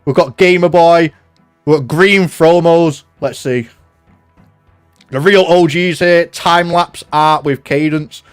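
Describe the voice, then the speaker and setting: A man's voice: a little high, slow pace, clear, resonant tone, soft background music. A young man live-streaming from home, chatting loosely and reading out viewer comments. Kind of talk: casual live-stream chat.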